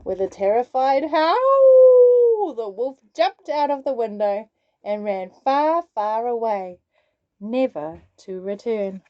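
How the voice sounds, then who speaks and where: A woman reads a children's story aloud, slow and sing-song. Her high voice swoops widely. The recording is dry and a little dull. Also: big pitch swings.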